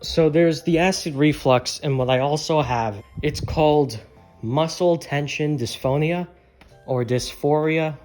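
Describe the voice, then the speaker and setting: A man's voice: on the high side, measured pace, darkish tone, soft background music. Rambling man with a strained voice. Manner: candid, swears often, rambles. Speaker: channel creator. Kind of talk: rambling casual vlog.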